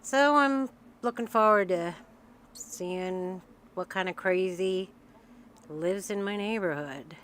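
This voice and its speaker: A woman's voice: medium pitch, slow pace, noisy background. A woman hosting her reaction channel, chatty and friendly, sounding sick with a strained voice. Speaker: channel host. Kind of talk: casual reaction-video intro.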